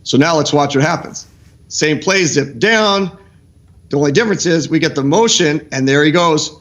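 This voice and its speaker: A middle-aged male football coach breaking down game film on a live stream show, animated and excitable, often restarting his sentences. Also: fairly high pitch, normal speed, muffled recording. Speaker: football coach, guest analyst.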